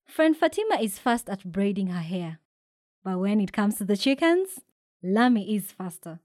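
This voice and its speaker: A woman from Kenya reading a children's picture book aloud, with lively shouted voices for the characters. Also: medium pitch, normal speed, dry recording, clean studio sound. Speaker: storybook reader. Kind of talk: expressive read-aloud storytelling.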